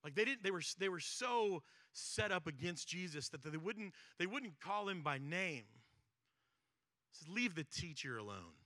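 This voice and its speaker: A man preaches with a strikingly bright, fairly high voice. He talks like he's chatting with the room, tossing in "right?" and swinging from loud to hushed. The sound is dry and close. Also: unhurried, dry recording. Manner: conversational, keeps asking "right?"; animated, shifts between loud and hushed. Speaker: pastor. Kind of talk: sermon.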